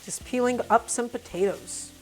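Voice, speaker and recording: A woman's voice: on the high side, moderate pace, darkish tone. A woman hosting a casual cooking live stream, talking through each step and greeting her viewers by name. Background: faint music and sizzling pan.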